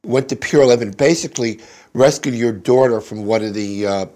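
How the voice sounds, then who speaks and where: A man's voice: mid-range voice, brisk, darkish tone. A male host in a casual interview, keeping his questions brief. He prompts the guest in a plain, mid-range voice.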